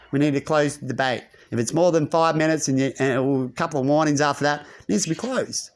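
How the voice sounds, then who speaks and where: A man's voice: on the high side, fairly quick, hardly any pauses. A man delivering a rambling monologue to his channel, constantly tagging his points with a rhetorical "right?". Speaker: channel host. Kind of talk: ranting monologue to camera.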